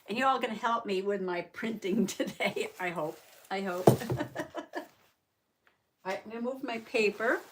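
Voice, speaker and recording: A woman hosting a casual craft livestream, chatty and quick to laugh, reading out chat comments and repeating herself, with allergies that make her clear her throat. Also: mid-range voice, a bit bright. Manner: says howdy and reads chat comments aloud.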